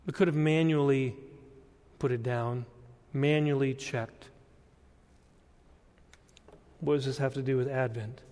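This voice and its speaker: A man preaching a sermon as pastor, telling a story deliberately and pressing his point with earnest emphasis. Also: mid-range voice, fairly even intonation, darkish tone. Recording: long church-hall reverb.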